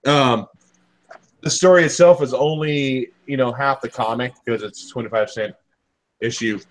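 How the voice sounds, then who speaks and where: Guy hosting a comic book show, kinda halting, lots of ums and i-i-i's. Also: medium pitch, a little hiss or hum, rough recording. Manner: hesitant, many "um"s and repeated words. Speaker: comic podcast host. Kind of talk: casual chat reviewing comics.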